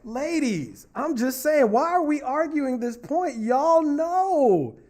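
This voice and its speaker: A relationship talk show host with an extremely high, darkish voice speaks slowly yet animatedly. On a casual livestream he reads comments from viewers, teasing them playfully and talking directly to the audience.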